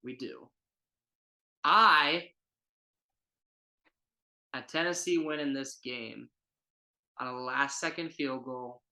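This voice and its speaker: A man co-hosting a casual sports podcast, excitable and loose, often trailing off mid-sentence. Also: medium pitch, slow, long pauses. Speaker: podcast co-host.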